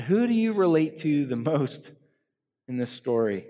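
A man preaching an earnest sermon as pastor to a congregation, swinging between loud emphasis and soft hushed lines. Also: a little high, sing-song, normal speed, big-room sound. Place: church hall.

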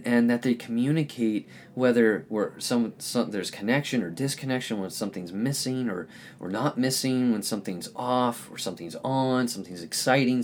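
A man with a somewhat low voice hosts a podcast and gives a reflective spiritual talk. He sounds earnest and gentle, searching for the right words as he goes. A faint background noise sits under his voice. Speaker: podcast host. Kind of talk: reflective spiritual teaching monologue.

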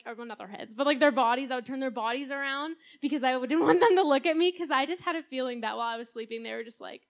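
A woman's voice: sits high, smooth. A young adult woman giving a casual, talk-style sermon as a youth speaker, chatty and full of "like"s, often laughing.

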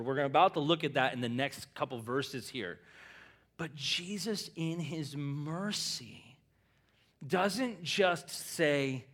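A middle-aged man preaching a sermon, moving between quiet conversational asides and loud emphatic peaks, often acting out quoted lines in everyday voices. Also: a little high, measured pace. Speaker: pastor.

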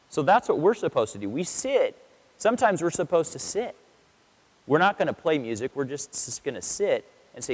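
A man's voice: a little high, animated, fairly quick. A man preaching a casual sermon as a pastor, telling stories and acting out quotes in different voices. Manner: chatty storytelling, acts out quotes in voices. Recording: long reverb of a hall.

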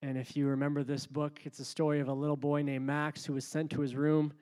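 A man preaching a sermon, moving between calm, quiet talk and loud, rising passages. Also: a little high, fast, in a large hall. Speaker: pastor.

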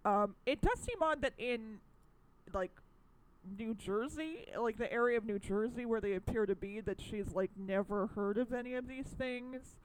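A woman's voice: a little high, moderate pace, a little hiss or hum, low-quality recording. A young woman co-hosting a podcast, talking casually with lots of fillers and restarts. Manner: rambling, full of fillers and restarts. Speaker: podcast co-host. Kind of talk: casual chat. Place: indoor recording, New York.

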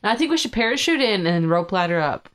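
A woman writing and playing an improvised tabletop story, quick to giggle. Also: mid-range voice, sing-song. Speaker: writer and player.

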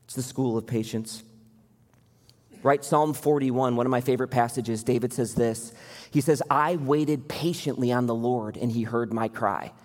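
A man's voice: fairly high pitch, in a large hall. A man preaching a sermon as pastor, earnest and building to impassioned appeals.

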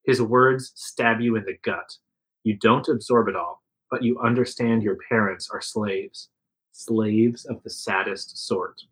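A man's voice: fairly low pitch, steady tone, measured pace, fairly bright tone, low-quality recording. A man reading a second-person adventure story aloud to friends, voicing the quotes with some liveliness. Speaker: narrator reading an interactive story.

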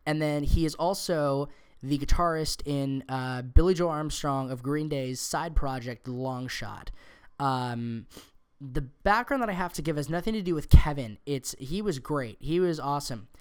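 Hoarse young man hosting a podcast. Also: a little high, normal speed. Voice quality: raspy, sniffly. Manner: rambling, filler-heavy. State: hoarse from a cold. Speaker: podcast host. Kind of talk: casual podcast interview.

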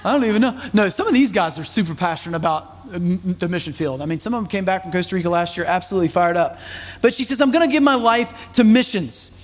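Male pastor, high voice, conversational sermon storytelling, long hall reverb. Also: fast talker. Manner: conversational storytelling, animated asides.

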